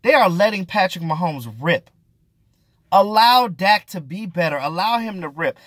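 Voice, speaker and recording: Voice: mid-range voice, expressive, moderate pace, dry recording. A sports vlogger ranting through casual, exasperated commentary, with slang and swearing, hammering points by repeating them.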